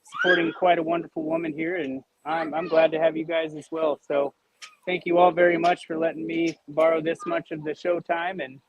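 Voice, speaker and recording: A man's voice: a little high, level tone, highs cut off, crowd noise. Man on a busy video call. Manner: halting, repeats words. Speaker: caller, the host's son. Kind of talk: casual video call chat.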